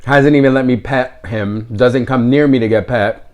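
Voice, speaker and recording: Guy telling a story, wry and sarcastic, deadpan asides, average pitch. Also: moderate pace, highs cut off. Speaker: vlogger. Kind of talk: casual storytelling.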